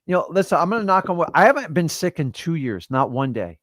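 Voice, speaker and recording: A man's voice: on the high side, sing-song, fast talker, fairly bright tone, no room sound, clean studio sound. A man in his fifties hosting a livestream, giving casual motivational talk and addressing listeners directly in a preachy way. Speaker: livestream host.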